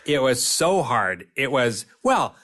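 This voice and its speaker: A man in his fifties, a guest on an interview podcast, telling lively stories and laughing often. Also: mid-range voice, slow. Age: 50s. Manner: animated storyteller, laughs often. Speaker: guest actor.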